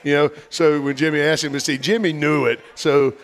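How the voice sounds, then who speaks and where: A man, a former pitcher, talking casually about baseball in a halting way full of fillers. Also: fairly even intonation. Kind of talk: casual baseball podcast chat.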